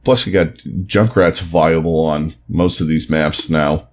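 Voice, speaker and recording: A man with a very low voice, co-hosting a relaxed esports podcast chat. He talks in a loose, easygoing way, padding his thoughts with "you know" and "um". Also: measured pace. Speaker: co-host.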